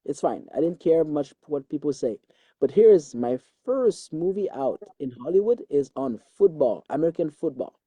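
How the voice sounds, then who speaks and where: A man from Quebec with a Quebec French accent, a native French speaker, telling a story as an interview guest in an energetic way. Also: fairly high pitch, normal speed, husky, dry recording. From Quebec, Canada. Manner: energetic storytelling, repeats words as he goes. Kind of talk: animated interview talk.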